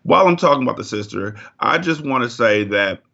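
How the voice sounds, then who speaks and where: A man's voice: mid-range voice, animated, a little fast, gravelly, bright, forceful tone, dull audio. A man in a casual movie review chat, talking in a heated, profane rant.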